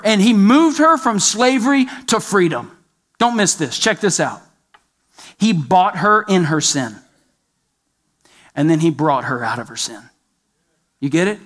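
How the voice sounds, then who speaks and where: A male pastor delivers a sermon with emphatic repetition. His voice sits high for a man, and he keeps putting direct questions to the listeners. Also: fairly bright tone.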